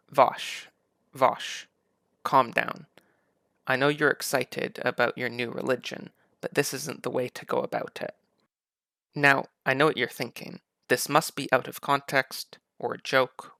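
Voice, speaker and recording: A man's voice: mid-range voice, little pitch movement, a little slow, vocal fry, bright, forceful tone, no echo, studio quality. A man giving sarcastic, mocking political commentary over video clips. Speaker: commentary YouTuber.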